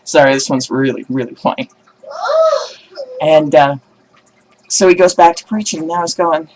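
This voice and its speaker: A man telling religious jokes in a casual video blog, animated and laughing at his own punchlines. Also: a little high, normal speed, slight background noise, rough recording.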